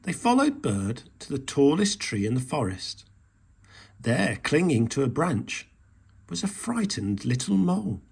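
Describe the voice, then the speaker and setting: Storybook narrator, male, slow and very lively, husky and gravelly. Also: medium pitch. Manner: slow, expressive reading. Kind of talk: children's storybook reading.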